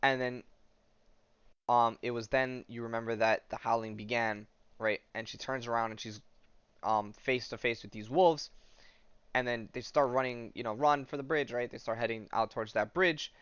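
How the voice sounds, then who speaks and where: A man's voice: mid-range voice, fairly even intonation, moderate pace, fairly bright tone, clear, resonant tone, dry recording. A man hosting a podcast, casually recapping a comic and reading passages aloud, hesitant and full of ums and likes. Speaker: podcast host. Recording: dull lo-fi audio.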